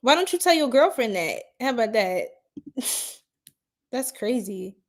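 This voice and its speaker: A woman hosts an astrology livestream and talks straight to her chat in a loose, giggly way. Her voice sits a little high, and she stretches her words out slowly. She sounds easily flustered and chatty. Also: big pitch swings. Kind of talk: casual livestream chat with viewers.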